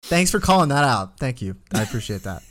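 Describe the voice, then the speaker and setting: A man's voice: medium pitch, very animated, brisk, fairly bright tone. A young man in his twenties, co-hosting a podcast and telling a rambling story full of fillers in casual chat. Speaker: podcast co-host.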